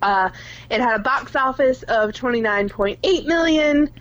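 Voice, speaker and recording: A young woman with a fairly high voice chats and giggles her way through co-hosting a film podcast. The recording sounds a little dull and lo-fi. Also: lively intonation, measured pace, no echo. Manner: giggly, chatty, reads out film facts. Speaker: podcast co-host. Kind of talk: casual chat.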